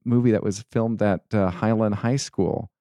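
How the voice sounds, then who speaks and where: A young man co-hosting a casual podcast, telling a rambling story with halting restarts. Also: on the low side, fairly even intonation, dark tone, no room sound. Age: young adult. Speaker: podcast co-host.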